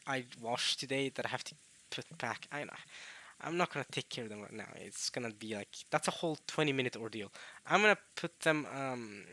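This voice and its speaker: Young male let's play host: worn-out, strained voice with a sharp bright edge, halting casual delivery. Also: medium pitch. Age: young adult. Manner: rambling, halting, with coughs and throat-clearing. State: tired, strained voice. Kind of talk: casual late-night let's play commentary.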